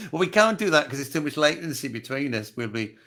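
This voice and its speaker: A man's voice: fairly high pitch, big pitch swings, fairly quick, bright, forceful tone. A man from England hosting a casual live-streamed music chat, telling anecdotes with plenty of ums and laughs. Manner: chatty storyteller with frequent ums and laughs. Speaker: host.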